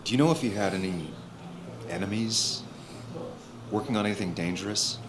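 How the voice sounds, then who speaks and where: A deep-voiced brooding man. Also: moderate pace, husky. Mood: subdued. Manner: terse, subdued. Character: brooding man returning to his hometown. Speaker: video game protagonist. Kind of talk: game voice acting.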